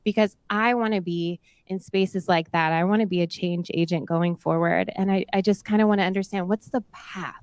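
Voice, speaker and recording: Woman asking a speaker stuff at an event, lowish smooth voice, dry. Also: steady tone, normal speed, few pauses, a little mellow, dry recording. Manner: earnest, eager questioning. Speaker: moderator. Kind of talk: asking questions at a public event.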